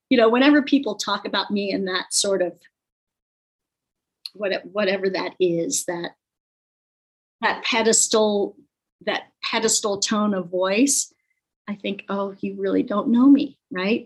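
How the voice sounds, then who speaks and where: Woman, former ski racer, husky mid-pitched voice, rambling and candid. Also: low-quality recording. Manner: halting, full of fillers and restarts. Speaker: former ski racer telling her story. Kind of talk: casual spoken storytelling.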